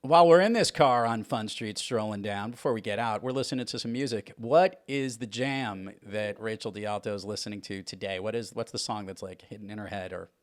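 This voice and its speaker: A man's voice: lowish voice, a little fast, few pauses. A man from New York hosting a podcast, asking playful questions in casual chat, often restarting his sentences. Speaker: podcast host.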